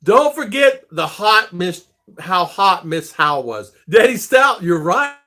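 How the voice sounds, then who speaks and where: A middle-aged man hosts a casual livestream, chatting easily and greeting viewers one by one. His voice is bright and sits a little high, and his pitch moves a lot as he talks. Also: big pitch swings, slow pace. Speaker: livestream host.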